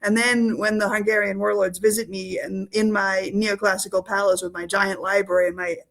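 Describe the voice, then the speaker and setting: A woman's voice: medium pitch, level tone, moderate pace, vocal fry, a bit bright, rough recording. A woman voicing a frightened boy king who boasts grandly and schemes breathlessly. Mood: nervous scheming.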